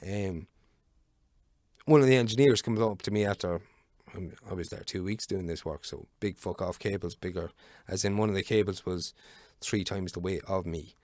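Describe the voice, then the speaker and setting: A man's voice: low voice, normal speed, darkish tone, no echo, clean studio sound. A man in his thirties with an Irish accent, a podcast guest telling a long work story casually, rambling with plenty of fillers and swearing freely. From Ireland. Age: 30s.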